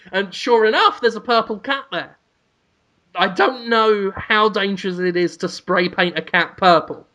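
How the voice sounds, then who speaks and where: A man's voice: high-pitched, a little slow, sharp tone. A man co-hosting a podcast, rambling through a comic story with giggles and off-the-cuff asides. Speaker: podcast co-host.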